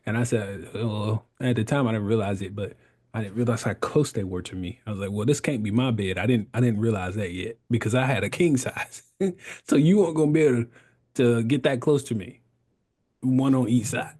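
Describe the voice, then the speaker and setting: A man's voice: medium pitch, fairly quick, darkish tone. A man in his thirties, a podcast guest, telling his story in casual conversation, laughing often and acting out the voices he quotes.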